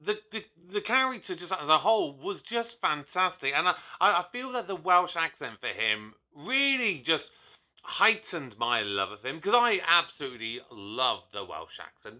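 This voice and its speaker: A man's voice: a little high, sing-song, moderate pace, bright, forceful tone. A man hosting his own review channel, talking casually with enthusiasm and rambling into frequent asides. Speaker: YouTube reviewer host.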